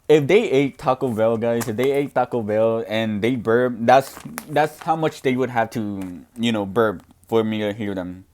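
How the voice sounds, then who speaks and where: A young deaf man answers questions in a casual, earnest talk. He speaks loudly and restarts often as he works through his thoughts, in a mid-pitched voice. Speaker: student podcaster answering questions.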